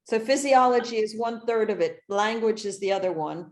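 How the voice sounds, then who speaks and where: A woman's voice: fairly high pitch, a little fast, echoey room. A woman coaching a group over a video call, explaining with examples and rhetorical questions. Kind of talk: casual coaching talk.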